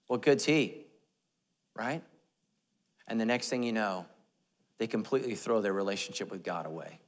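A man's voice: lowish voice, moderate pace. A man preaching a sermon as pastor, in a humorous, self-deprecating, conversational way. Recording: echoey church hall.

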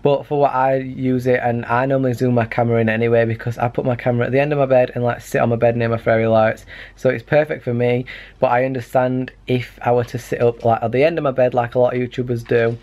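A man's voice: medium pitch, level tone, fast, a little mellow. Young male vlogger, slight lisp, chatty self-deprecating bedroom talk. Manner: chatty, rambling, self-mocking. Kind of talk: casual vlog chat. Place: bedroom at night.

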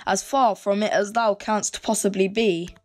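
A woman's voice: medium pitch, steady tone, a little slow, darkish tone, lightly acted. A woman voicing a restless young male farm boy in an amateur verse audio drama, speaking earnestly. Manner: earnest, yearning verse delivery. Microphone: home computer mic.

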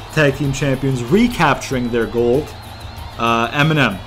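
A man's voice: mid-range voice, a bit bright. A man giving casual, rambling gameplay commentary, thinking aloud and swearing freely. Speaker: gaming YouTuber.

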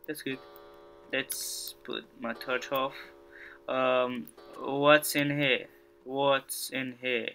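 A man's voice: medium pitch, little pitch movement, extremely slow, gravelly, bright, forceful tone, faint music behind. A young man giving gameplay commentary, muttering to himself, stammering, panicking and swearing as he plays. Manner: jumpy, panicky reactions with frequent swearing and repeated phrases. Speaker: gaming YouTuber.

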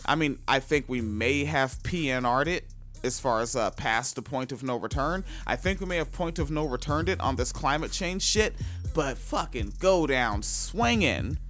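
A man hosting a podcast, reading a news article aloud in a halting way, full of fillers, and breaking off into loud, profane asides. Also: medium pitch, animated, faint music behind. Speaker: podcast host.

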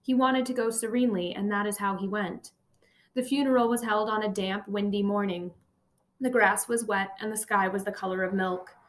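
A woman's voice: mid-range voice, steady tone, moderate pace. Woman reading a somber memoir aloud. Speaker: audiobook narrator. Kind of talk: first-person memoir narration.

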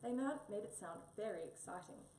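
A woman's voice: medium pitch, fairly quick. Woman reading a storybook aloud. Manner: expressive, storybook delivery. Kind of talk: reading a picture book aloud. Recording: echoey room, mic a bit far, faint hum.

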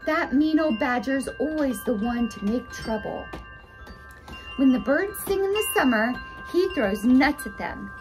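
A woman voicing a vain, sharp-tongued little girl who speaks in an indignant, pouty way. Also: high-pitched, animated, measured pace, music in the background, pitched above the performer's own voice, poor audio.

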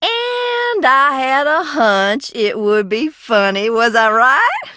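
A woman's voice: high-pitched, very animated, slow pace, pushed and bright, no echo, clean studio sound, full character voice. An actress playing an eccentric, mocking young woman hiding in an old mansion in a video game, talking with sardonic, theatrical swings. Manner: sardonic, theatrical, swinging between taunts and outbursts.

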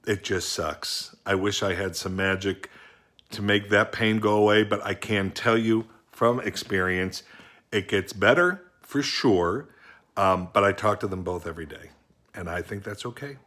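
A middle-aged actor recording a casual personal birthday video message, joking and then speaking earnestly. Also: male voice, lowish voice, unhurried, fairly bright tone.

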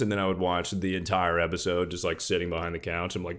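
Joking young man streamer, low voice. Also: completely flat delivery, a little fast, hardly any pauses, smooth. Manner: loud, jokey, reads out viewer names. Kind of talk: casual livestream chat. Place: his room at home.

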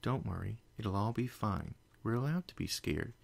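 A man voicing a gentle, motherly female pony in a fan fiction reading, speaking in a soft, cooing, reassuring way. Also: fairly low pitch, expressive, normal speed, vocal fry, exaggerated voice. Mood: soothing.

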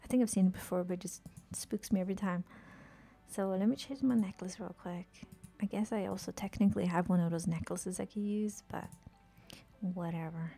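Woman streamer, husky, gravelly fry, casual chatty gaming talk, faint music behind. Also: medium pitch, steady tone, brisk, dark tone. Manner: chatty, swears casually, talks to game characters; often drops to a whisper. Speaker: game streamer. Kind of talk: casual live-stream chat while gaming.

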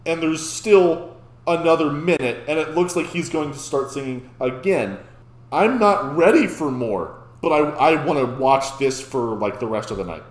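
A man talking through a reaction video in an excitable, tumbling way, starting sentences over as he goes. His voice sits a little high, and the room around him rings with echo. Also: normal speed. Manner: excitable, restarts and stammers when amazed. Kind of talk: casual reaction commentary. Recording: echoey room.

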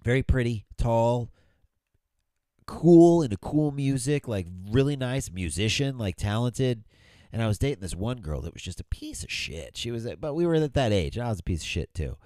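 A man's voice: medium pitch, expressive, moderate pace, dark tone, no room sound, studio quality. A middle-aged man co-hosting a podcast, telling rambling stories in casual chat and swearing freely. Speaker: podcast co-host.

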